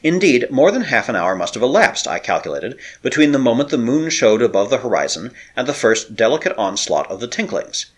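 A man reading an adventure novel aloud as an audiobook narrator, telling it with expressive, dramatic storytelling. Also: mid-range voice, a little fast, few pauses, slightly rough.

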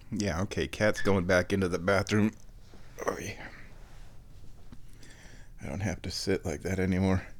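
A man's voice: low-pitched, fairly even intonation, measured pace, pauses often. A man hosting his own show from home, chatting in a laid-back, rambling way. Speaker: streamer hosting a recurring show. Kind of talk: casual rambling chat. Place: indoors at home.

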